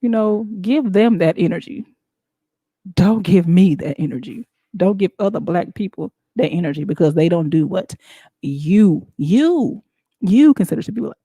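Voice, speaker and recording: Mellow-voiced woman, emphatic show host. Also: lowish voice, moderate pace, husky, no room sound. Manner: animated, emphatic, laughs often. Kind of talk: casual talk-show monologue.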